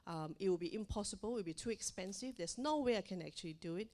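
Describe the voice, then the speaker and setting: A middle-aged woman from Asia giving a motivational talk to mothers, animated and acting out quoted dialogue. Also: mid-range voice, fast talker. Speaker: parenting speaker.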